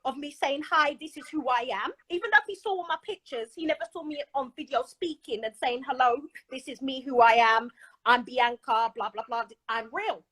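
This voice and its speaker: A woman tells a long personal story, excitable and dramatic, slipping into the voices of the people in it. Her voice sits very high and sounds bright and forceful. The sound is dry and close. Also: normal speed, no room sound, poor audio. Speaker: caller telling her story. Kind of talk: animated storytelling on a live stream.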